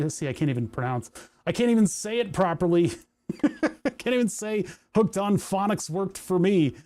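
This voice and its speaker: A man's voice: a little high, a little mellow. A man hosting a casual electronics livestream, rambling and thinking aloud, poking fun at himself as he works. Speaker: livestream host. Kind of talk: casual live coding chat. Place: home workshop.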